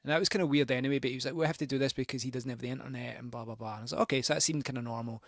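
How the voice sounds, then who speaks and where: A man's voice: mid-range voice, steady tone, rapid-fire, dry recording, clean studio sound. A man hosting a record show, telling a rambling, sweary, self-mocking anecdote between records. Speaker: radio host spinning records.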